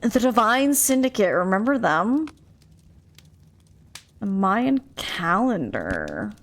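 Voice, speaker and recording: A woman's voice: mid-range voice, sing-song, slow. Chatty woman streaming a mystery game. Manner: chatty, musing, stumbles over names. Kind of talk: casual gameplay commentary, reading in-game text aloud.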